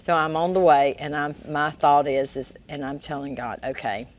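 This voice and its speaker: A woman's voice: low voice, steady tone, moderate pace, slight background noise. A woman guest giving a personal testimony in a Christian talk interview, telling her story with animation and acting out the dialogue.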